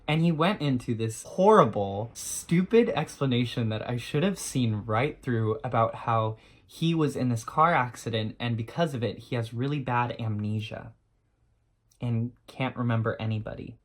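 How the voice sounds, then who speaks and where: A young man in a storytime vlog, talking in an everyday mid-range voice. He tells the tale with lively, self-deprecating energy and casual swearing. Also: medium pitch, normal speed. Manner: animated, self-mocking, swears freely. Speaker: vlogger.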